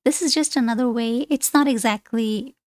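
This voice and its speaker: A woman's voice: on the high side, normal speed, no room sound. A woman teaching an online language lesson, explaining things on screen in a chatty, rambling way with frequent asides and self-corrections.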